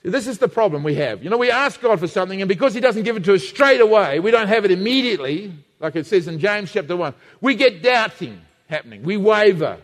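A man's voice: high voice, big pitch swings, fast, few pauses, long reverb tail. A man preaching a sermon, emphatic and fond of repeating phrases for effect.

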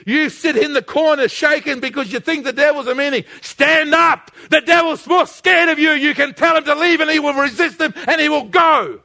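A male pastor delivering a fervent sermon in a high-pitched voice. His tone is bright and forceful, rising to shouts and then falling to quiet urging. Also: normal speed, vocal fry, few pauses. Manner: impassioned preaching that swings from shouting to quiet; calls on the congregation to repeat lines.

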